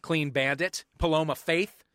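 A man hosting a comedy panel quiz, teasing the players with wry, lively banter. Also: on the high side, measured pace, no echo, studio quality. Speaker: quiz host.

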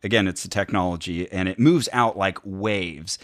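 A man's voice: sits low, normal speed, no room sound, clean studio sound. A man co-hosting a podcast, telling a wry story of an event and sometimes mimicking the people he quotes. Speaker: podcast co-host. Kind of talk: casual chat recounting an event.

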